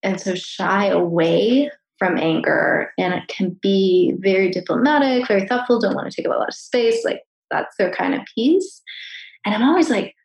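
A woman therapist in casual conversation, chatty and animated, her voice carrying a gravelly fry at a mid pitch. She swears freely and talks candidly about feelings. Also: normal speed, rough recording.

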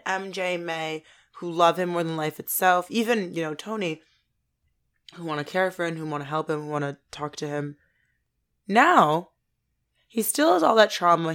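A woman in her twenties co-hosting a podcast, chatting in an excitable, ranting way and swearing a lot. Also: fairly low pitch. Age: 20s. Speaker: podcast co-host. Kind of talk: casual chat.

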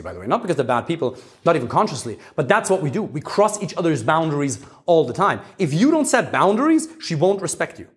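A man giving an emphatic live talk to a small audience as a dating coach, swinging between loud passion and calm asides. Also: medium pitch.

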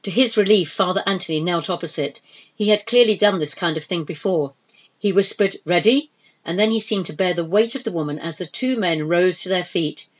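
Woman reading a novel aloud, expressive and measured, kinda muffled audio. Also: fairly low pitch. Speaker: audiobook narrator. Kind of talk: scripted narration.

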